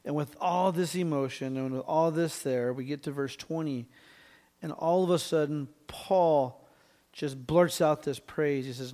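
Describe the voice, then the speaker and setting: A mellow pastor preaches verse by verse in a somewhat high voice. He keeps checking with his audience through brief "right?"s, pausing now and then to clear his throat.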